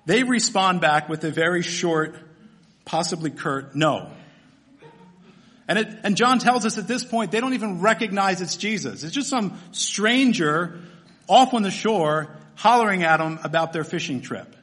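A man's voice: high voice, animated, moderate pace, a bit bright. A man preaching a sermon in a church, humorous and conversational, often asking his listeners questions. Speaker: pastor.

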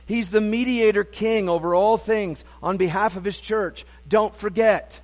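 A man's voice: high-pitched, unhurried. A pastor preaching a sermon to his congregation, conversational and self-deprecating with wry humor, recorded in a church sanctuary. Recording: long reverb of a church sanctuary.

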